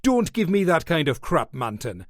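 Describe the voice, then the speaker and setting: A man's voice: on the high side, big pitch swings, moderate pace, dry recording, studio quality, voice pushed up. A man voicing a brutal, hot-headed police detective who talks harshly and with contempt. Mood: angry.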